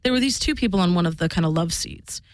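A woman's voice: fairly low pitch, lively intonation, fast talker, no echo. Woman chatting casually, swears a lot, laughs thru her stories, dry mic. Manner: candid storytelling, laughs often, swears freely. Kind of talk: casual chat.

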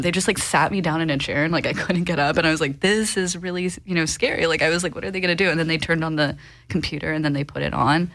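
A woman's voice: deep voice, a bit bright. A woman in casual podcast chat, talking loosely with frequent laughter. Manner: chatty, laughs often.

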